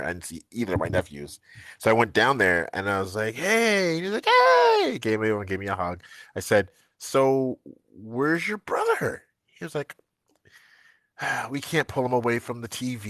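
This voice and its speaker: Lively, bright-voiced man telling stories. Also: low voice, no echo. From United States. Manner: animated storytelling, laughs often. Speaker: co-host. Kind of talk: casual live-stream chat.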